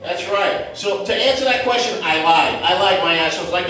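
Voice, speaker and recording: A man's voice: high-pitched, a little fast, sharp tone. A middle-aged man doing a stand-up comedy set on a club stage, telling brash, self-mocking stories with street slang. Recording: roomy echo from far off.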